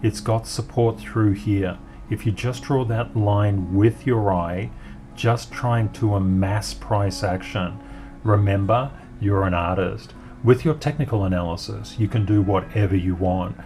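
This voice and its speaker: A man's voice: fairly low pitch, measured pace, dark tone, slight background noise. A man hosting an upbeat market chart commentary, talking in an encouraging way and cheering the charts on. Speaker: crypto market analyst host.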